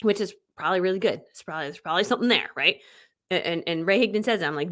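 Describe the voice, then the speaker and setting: A woman's voice: fairly low pitch, racing, fairly bright tone. A woman in her forties giving a chatty, enthusiastic coaching talk on a livestream. She laughs often and acts out quotes. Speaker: online business coach. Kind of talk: live-streamed coaching talk.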